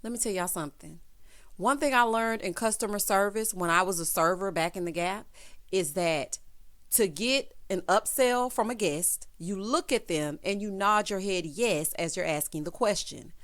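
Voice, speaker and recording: A woman's voice: mid-range voice, moderate pace, a bit bright. A woman recapping a reality show in a chatty, sassy way, full of quips like "child" and "honey". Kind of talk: casual opinionated show recap.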